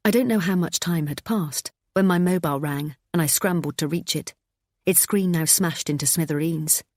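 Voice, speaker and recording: A woman reading a first-person thriller audiobook, tense and expressive. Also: low-pitched, moderate pace, no room sound, clean studio sound. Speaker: audiobook narrator.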